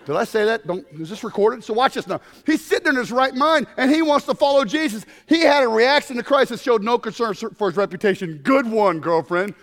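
A man preaching a lively sermon, joking with the congregation and acting out Bible characters as he goes. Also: extremely high pitch, fairly quick, few pauses. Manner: playful, jokes with the crowd, acts out Bible characters. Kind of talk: animated sermon. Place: church sanctuary. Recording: long reverb of a large hall.

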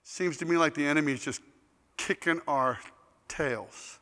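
A man preaching in a bright, high, forceful voice, telling a sermon story with jokes and loudly acted-out quotes. His voice rings with long hall reverb. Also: moderate pace. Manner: animated, joking storyteller who acts out quotes loudly.

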